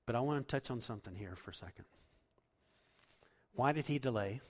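A man preaching a sermon as pastor, swinging from loud, emphatic lines to hushed, quiet ones. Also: medium pitch, expressive, brisk. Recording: long hall reverb.

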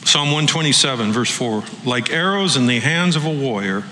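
A man preaching a sermon, animated, acting out the voices he quotes. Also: medium pitch, moderate pace, roomy sound, in a large hall, a little hiss or hum, rough recording. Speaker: pastor.

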